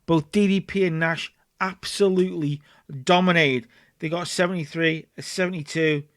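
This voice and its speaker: Man, let's play host, casual game commentary, high pitch, chatty, dry mic. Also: fairly even intonation, moderate pace, fairly bright tone, dry recording. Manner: chatty, narrates and acts out scenes.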